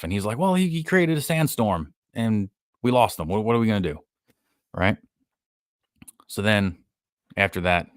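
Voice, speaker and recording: A man's voice: deep voice, a bit bright, clear, resonant tone, dry recording, studio quality. A man hosting a casual live-stream podcast, breaking down a show with sarcasm and acting out characters' lines in a raised voice. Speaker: podcast host.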